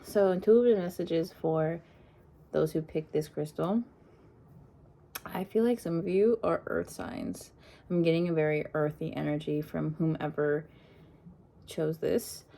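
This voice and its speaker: A woman giving a casual intuitive reading to camera, talking softly and meandering in a put-on accent, with frequent ums. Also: low voice, steady tone, unhurried, creaky, long pauses. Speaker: tarot reader. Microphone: phone propped on a crystal.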